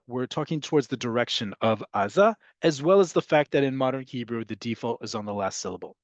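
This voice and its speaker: A man teaching an online language class, explaining vocabulary and answering questions, sometimes repeating words slowly. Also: medium pitch, lively intonation, no room sound, highs cut off. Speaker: Hebrew teacher.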